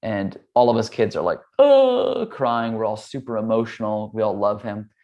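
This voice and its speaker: Relaxed, chatty man with a lowish voice. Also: brisk, dull audio. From Hawaii and California, US. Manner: relaxed, chatty, with many "um" and "like" fillers; acts out the voices of the people in his stories. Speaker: yoga teacher, podcast guest. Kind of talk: casual conversational storytelling.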